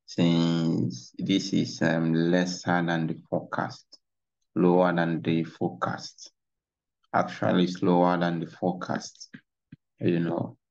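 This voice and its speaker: A man's voice: sits low, monotone, takes it slowly, vocal fry, a little mellow. A man walking through trading charts in a casual tutorial, rambling and saying "you know" a lot, recorded on a dull lo-fi mic. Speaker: trading instructor. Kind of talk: casual screen-share tutorial.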